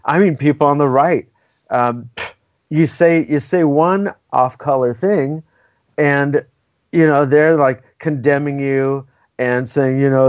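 A man's voice: fairly high pitch, unhurried, no echo. A man from California speaking as an interview guest, emphatic and opinionated, often tagging his points with "right?". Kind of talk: casual conversational interview. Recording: dull, lo-fi dry audio.

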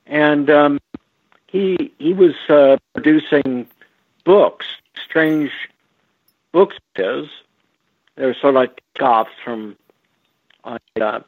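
A man, a guest on an interview show, recalling stories slowly with many fillers and restarts. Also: medium pitch, dry recording. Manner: slow, halting, with frequent fillers and restarts. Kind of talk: relaxed storytelling over a phone line. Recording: tinny phone line, dry.

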